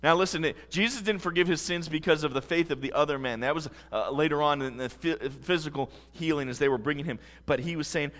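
A man's voice: on the high side, a little fast, fairly bright tone, in a large hall. A man preaching a sermon as pastor, earnest and emphatic.

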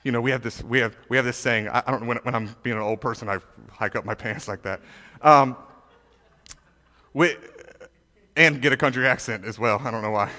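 A man preaching a sermon to a youth congregation, emphatic and animated, with frequent repetitions and restarts. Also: mid-range voice, fairly quick, pauses often. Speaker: pastor. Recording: reverberant hall.

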